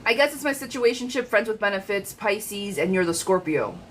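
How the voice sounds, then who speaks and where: A woman giving a live-streamed tarot reading in a chatty, frank, lively way, talking straight to her viewers. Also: medium pitch, normal speed, slight background noise, low-quality recording. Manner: chatty, animated, frank, calls viewers girlfriend. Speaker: tarot reader.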